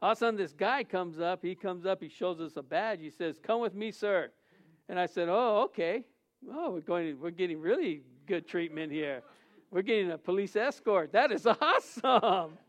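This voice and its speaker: A man's voice: sits high, moderate pace. A man who is a pastor, preaching a sermon and telling a funny personal story, acting out the dialogue and laughing often.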